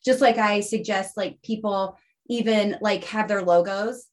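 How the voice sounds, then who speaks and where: A woman talks through her own story as a podcast guest, animated and chatty, with a voice of middling pitch. She keeps checking in with her listener by tagging her points with "right?". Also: unhurried. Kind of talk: casual interview chat.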